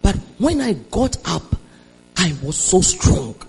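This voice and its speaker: A Nigerian woman preaching a sermon, moving between hushed storytelling and shouted declarations and calling on the congregation to respond. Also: on the low side, big pitch swings, takes it slowly, vocal fry, breathy edge, faint music behind, rough recording. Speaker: preacher giving a testimony.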